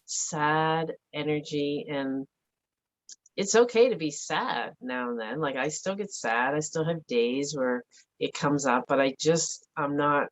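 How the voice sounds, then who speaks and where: A middle-aged woman speaking earnestly and reflectively as an interview guest, with frequent "like" fillers. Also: sits low. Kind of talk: candid conversational interview. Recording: dull lo-fi audio.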